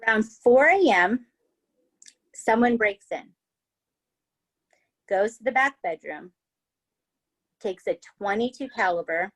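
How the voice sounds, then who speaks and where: A woman's voice: medium pitch, lively intonation, slow pace, long pauses, a bit bright. Chatty woman podcaster telling a true-crime story. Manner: chatty, swears, tags lines with "right?" and "okay?". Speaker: podcast host.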